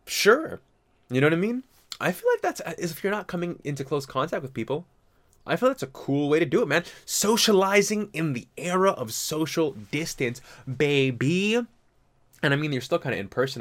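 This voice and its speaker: A young man talking in a casual comedic monologue, his voice swinging widely in pitch as he rambles from one bit to the next. He swears freely, drops into mock voices and laughs at his own jokes, and his voice sits at an ordinary middle pitch for a man. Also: expressive, fast talker.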